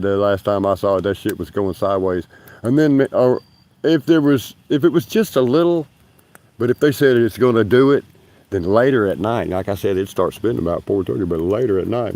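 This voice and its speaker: A man's voice: on the low side, mellow. A man telling a rambling, profane story on a casual livestream.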